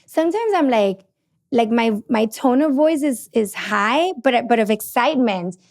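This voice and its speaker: A middle-aged woman, a couples therapist hosting a podcast, talking passionately and loudly with many restarts. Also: on the high side, expressive, measured pace. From Puerto Rico. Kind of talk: casual podcast teaching.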